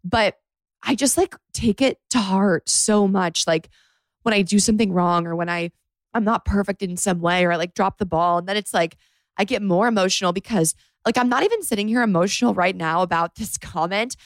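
A woman's voice: medium pitch, brisk, no echo. Candid woman rambling into a dry mic. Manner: candid, rambling, heavy use of "like"; emotional, close to tears at times. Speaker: podcast host. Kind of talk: confessional solo podcast monologue. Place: bedroom floor, indoors. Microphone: podcast microphone.

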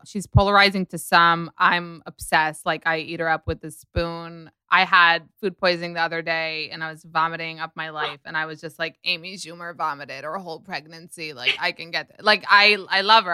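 A woman hosting a podcast in casual chat, talking in a chatty, emphatic way with quick asides. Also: on the low side, fairly even intonation, sharp tone, smooth, no echo. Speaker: podcast host.

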